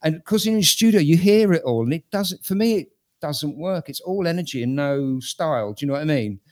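A man's voice: fairly high pitch, lively intonation, fairly quick, darkish tone. Blunt British man critiquing music. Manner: blunt, opinionated, repeats words while thinking. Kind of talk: casual panel discussion.

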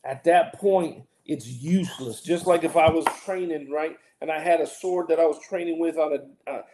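A man's voice: fairly high pitch, moderate pace, warm tone. A man co-hosting a casual Bible talk show as pastor, talking earnestly with lots of restarts and preacherly emphasis. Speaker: pastor and co-host.

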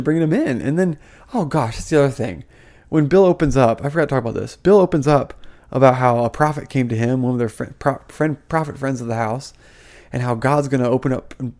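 A young man vents in a loose, off-the-cuff vlog rant. His mid-range voice keeps climbing as he gets heated, full of likes, restarts and half-finished thoughts. It sounds like an ordinary talker thinking out loud. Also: mid-range voice. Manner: animated, heated, many fillers and restarts. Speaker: vlogger, former ministry school student. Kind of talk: casual ranting commentary.

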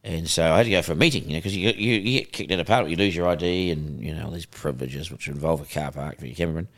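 Deep-voiced New Zealand man telling stories. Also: rapid-fire. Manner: animated, laughing, acts out quotes. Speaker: guest broadcaster. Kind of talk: casual podcast storytelling.

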